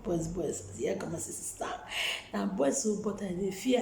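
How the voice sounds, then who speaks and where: A woman with a Nigerian accent speaks straight to her viewers in a low, warm, gravelly voice. She talks with emphatic repetition, stacking one phrase on the next to drive her point home. The sound carries the echo of a reverberant room. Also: brisk, slight background noise. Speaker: vlogger. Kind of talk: testimony and encouragement to viewers.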